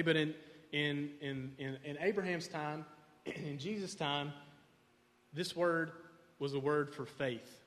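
A man preaching a conversational sermon who keeps checking in with his listeners by asking "okay?". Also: on the high side. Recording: long hall reverb.

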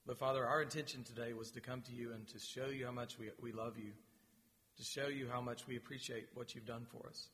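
A man leading his church in announcements and a spoken prayer, gentle and pausing, with repeated words. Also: medium pitch, fairly even intonation. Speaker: pastor. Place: church sanctuary. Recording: long reverb of a large hall.

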